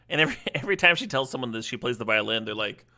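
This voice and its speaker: A man's voice: medium pitch, expressive, quick pace, sharp tone. A male streamer giving casual, playful live commentary on a card game, laughing often and chatting with his viewers.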